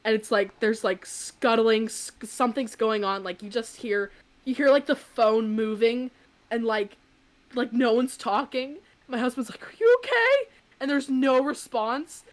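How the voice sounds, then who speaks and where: A woman's voice: fairly high pitch, unhurried. Chatty woman podcast host telling a story. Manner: chatty, peppered with "like", animated retelling. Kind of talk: casual anecdote on a podcast.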